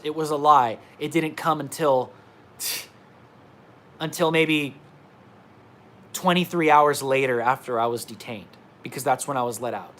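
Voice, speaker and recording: A man's voice: mid-range voice, normal speed, a bit bright. A man reporter ranting emphatically in a livestream monologue from indoors at his laptop, repeating himself. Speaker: independent reporter.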